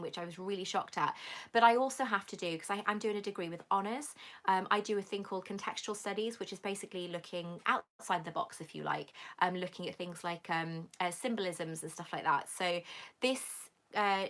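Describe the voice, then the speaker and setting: An effusive woman from Britain chats through a live-stream Q&A on her channel. Her pitch sits in an ordinary middle range. She reads out viewer comments and answers each one with gushing thanks. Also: fairly quick, a bit bright.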